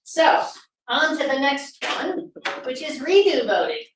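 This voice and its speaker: A woman's voice: sits high, animated, a little slow. A woman giving a presentation to an audience, sarcastic and full of rhetorical questions. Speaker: speaker at a political summit. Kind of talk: presentation talk. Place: meeting room with audience. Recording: very echoey room from far off, faint noise.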